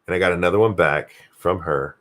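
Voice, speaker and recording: A man's voice: low voice, brisk, fairly bright tone. An older American man, a grandfather, hosting a live stream alone, chatting casually, reading viewer messages aloud and swearing freely as he rambles. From United States. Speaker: show host reading live chat.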